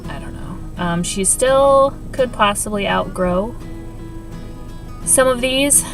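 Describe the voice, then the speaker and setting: A woman giving a casual vlog update as a mother, talking softly and haltingly with many pauses, recorded on a handheld phone in a hospital room. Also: mid-range voice, distant mic, music in the background, rough recording. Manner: soft, hesitant, with many pauses and fillers.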